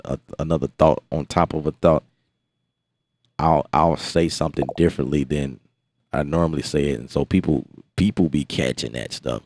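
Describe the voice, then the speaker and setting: Deep-voiced American man in casual chat. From United States. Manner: animated, exasperated, repeats words. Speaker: beat-making livestream host.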